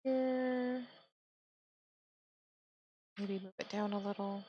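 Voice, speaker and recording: A woman calmly talking through a software modeling tutorial step by step, thinking aloud as she works. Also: medium pitch, very slow, highs cut off, slight background noise. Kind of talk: screen-recorded software tutorial narration.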